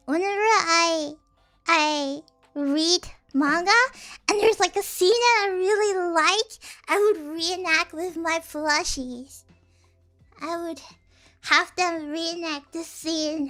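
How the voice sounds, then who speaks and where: A woman's voice: very high voice, takes it slowly, long pauses, a bit bright, soft background music. A young woman streamer chatting casually, rambling and giggly with many restarts. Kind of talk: casual chat.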